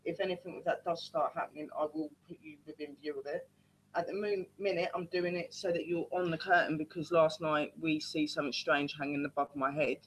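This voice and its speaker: A woman's voice: low-pitched, fairly even intonation, a little fast, slight background noise, poor audio. Chatty woman live-streaming a ghost hunt. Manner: chatty, keeps addressing viewers as guys. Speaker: paranormal team leader. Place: at home indoors.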